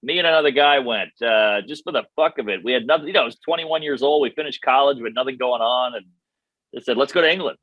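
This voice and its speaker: An American man in his thirties, a comedian guest telling stories casually with quick, jokey asides. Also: medium pitch, no echo, lo-fi sound. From United States. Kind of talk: casual chat.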